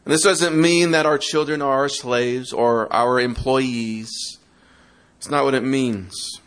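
A man's voice: medium pitch, fairly even intonation, slow pace, fairly bright tone. A man preaching to parents in a sermon, asking the audience questions and acting out excuses in a mocking tone. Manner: interactive, asks the audience questions; acts out quoted excuses in a mocking tone.

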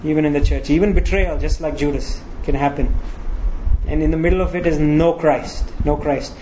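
A man's voice: fairly high pitch, fairly even intonation, moderate pace, mellow, slight background noise, rough recording. A pastor preaching a sermon, walking his congregation through scripture with frequent rhetorical questions.

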